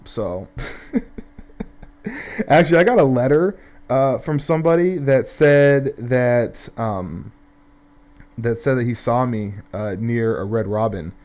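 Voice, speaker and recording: A man's voice: medium pitch, lively intonation, slow, long pauses, darkish tone. A young man telling a rambling, profane story in casual gameplay commentary, full of fillers and restarts.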